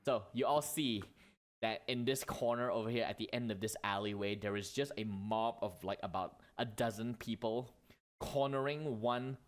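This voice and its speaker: A man narrating as dungeon master in a tabletop game, chatty, correcting himself as he goes. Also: fairly low pitch. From Malaysia. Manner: chatty, with self-corrections and laughs.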